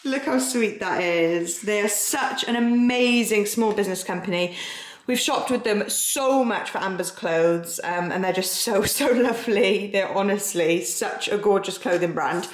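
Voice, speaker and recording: A woman's voice: medium pitch, measured pace, roomy sound. A young woman, heavily pregnant, chatting casually to camera at home and sounding a little out of breath. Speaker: vlogger. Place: living room at home.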